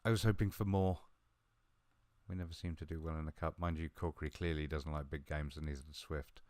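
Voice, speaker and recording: A man talking through a football management game he is playing, chatty and a little mumbling, with sudden bursts of excitement. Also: a bass voice, a little fast, no echo. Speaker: gaming video host. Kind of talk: live game commentary.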